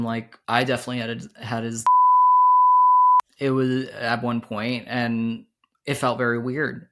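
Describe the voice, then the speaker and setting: A man hosting a podcast, telling a personal story in a candid, halting way with many restarts, his voice jumping higher when he quotes his own panic. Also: a little hiss or hum. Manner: quoted lines rise much higher and louder when he relives panic. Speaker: podcast host.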